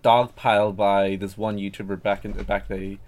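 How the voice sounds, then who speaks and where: A man's voice: fairly low pitch, flat delivery, normal speed, a little mellow. A man talking casually as a podcast guest, rambling and hesitant with many fillers and restarts. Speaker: guest artist.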